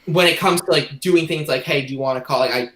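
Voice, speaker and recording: A man's voice: a little high, quick pace, fairly bright tone, reverberant, poor audio. A man hosting a podcast, chatting casually and hesitantly, with lots of fillers and restarts. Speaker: podcast host. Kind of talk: casual chat.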